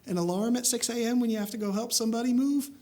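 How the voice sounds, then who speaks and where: A man preaching a sermon, telling a story with lively acted-out dialogue. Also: quick pace. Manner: animated storytelling, acting out dialogue with rising pitch.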